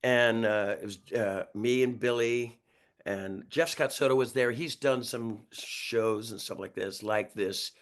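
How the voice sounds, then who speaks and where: Rambling talk-show guest, man in his 60s, from New York, mid-pitched and chatty. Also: unhurried. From New York, USA. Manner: lively, rambling, chuckles often, restarts sentences. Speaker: guest musician. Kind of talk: casual storytelling interview.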